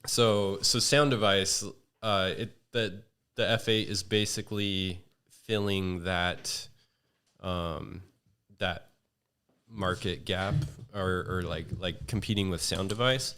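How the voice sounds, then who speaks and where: Deep, smooth monotone man. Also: takes it slowly. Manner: rambling, with many fillers and restarts. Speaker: podcast guest. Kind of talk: casual chat.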